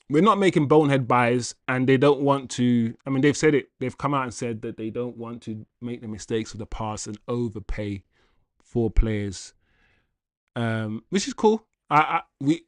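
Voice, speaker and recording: Male livestream host, casual and animated, addresses chat directly, dry sound. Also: mid-range voice, no echo. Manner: animated and chatty, laughs often, addresses chat as guys. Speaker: football channel livestream host. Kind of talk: casual livestream chat reading viewer comments.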